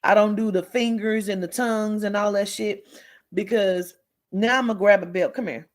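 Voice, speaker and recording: At normal speed and in a steady, mid-range voice, a female livestream host talks live with her viewers. She lectures bluntly and sternly, swears heavily, issues repeated warnings, and responds to commenters by name.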